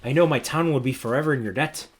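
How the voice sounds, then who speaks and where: A man's voice: mid-range voice, quick pace. A man narrating as game master in a tabletop game, loose and laughing, with many fillers.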